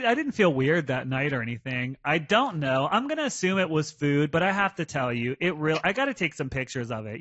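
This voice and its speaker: A man's voice: on the high side, fairly bright tone, no echo, muffled recording. A man co-hosting a podcast in casual chat, musing and trailing off as he thinks. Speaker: podcast co-host.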